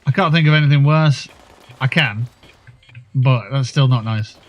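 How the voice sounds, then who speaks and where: A man talks his way through a game on a livestream. His talk is loose and chatty, as if thinking aloud, with the odd casual swear word. His voice sits at an ordinary middle pitch. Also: moderate pace, soft background music. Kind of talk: casual gameplay commentary.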